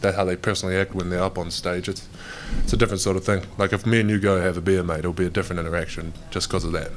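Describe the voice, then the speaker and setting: Deep-voiced New Zealand man, casual. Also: level tone, racing, slight background noise. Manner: casual, rambling, says "mate" constantly. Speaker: pro basketball player. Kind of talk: media day press interview.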